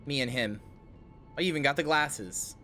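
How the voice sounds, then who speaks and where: A man's voice: medium pitch, moderate pace, sharp tone. A game streamer doing casual livestream commentary, playful and rambling, often addressing his chat. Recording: faint music behind.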